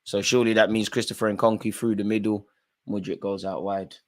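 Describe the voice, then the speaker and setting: A man's voice: fairly low pitch, little pitch movement, a little fast. A man hosting a live football watchalong, calling out players by name and bantering in casual slang. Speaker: watchalong host.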